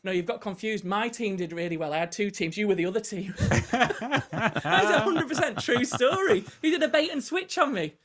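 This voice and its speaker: A man's voice: high voice, expressive, moderate pace, fairly bright tone. A man with a northern English accent, a guest minister telling funny stories in a casual chat. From North West England. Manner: storytelling, self-mocking.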